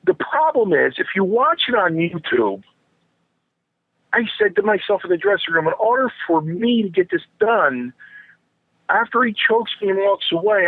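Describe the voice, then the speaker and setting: Older man, retired wrestler guest, animated anecdotes, tinny phone line, dry sound. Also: high-pitched, normal speed, no room sound. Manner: animated, addresses listeners as "guys", repeats phrases. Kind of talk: anecdotal storytelling.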